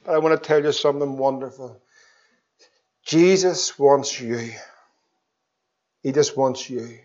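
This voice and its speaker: Fervent preacher, lo-fi. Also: male voice, medium pitch, measured pace. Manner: fervent preaching, swinging from loud pleas to hushed tones. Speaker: pastor. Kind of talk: evangelistic sermon. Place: church. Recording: dull lo-fi sermon recording.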